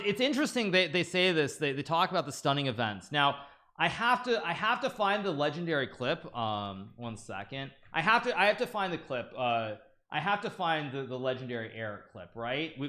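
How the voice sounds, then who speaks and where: A man's voice: a little high, moderate pace. A man on a live stream reading a news article aloud to viewers and commenting casually, stumbling and restarting often with amused asides. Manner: animated, frequent restarts and stammers, amused asides.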